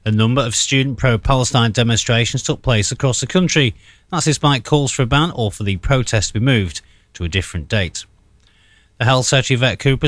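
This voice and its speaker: A man reading a radio news bulletin in a measured, formal way. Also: medium pitch, a bit bright, no echo. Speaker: newsreader.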